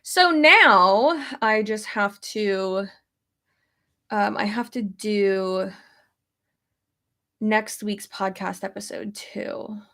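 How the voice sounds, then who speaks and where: A woman's voice: mid-range voice, extremely slow, long pauses, sharp tone. A young pregnant woman chatting casually on a stream, thinking aloud and swearing now and then. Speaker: YouTuber. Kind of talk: casual chat reading stream comments.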